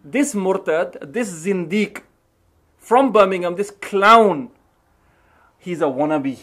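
A man with a high voice hosts a podcast. He talks in a scornful, teasing way and stresses his words. His commentary is mocking. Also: lively intonation, slow pace, fairly bright tone. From England. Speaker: host.

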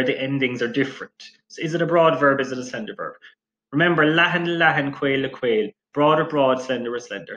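A young man teaching a language lesson to camera, often checking in with a quick "okay?". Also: mid-range voice, fairly bright tone, muffled recording.

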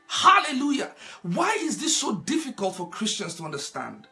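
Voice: mid-range voice, wildly swooping pitch, a little fast, gravelly, fairly bright tone, soft background music. A preacher delivering a sermon, repeating key phrases and asking the congregation rhetorical questions.

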